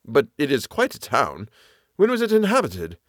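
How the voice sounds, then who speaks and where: Man voicing inquisitive gentleman companion, middle-pitched, lively questions, dry sound. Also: normal speed, dry recording. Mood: inquiring. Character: curious, wary gentleman companion on a walk.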